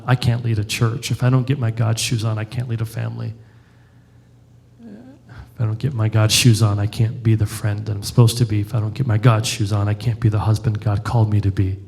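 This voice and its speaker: A man's voice: medium pitch, gravelly. A middle-aged male pastor giving a conversational sermon and joking with his congregation.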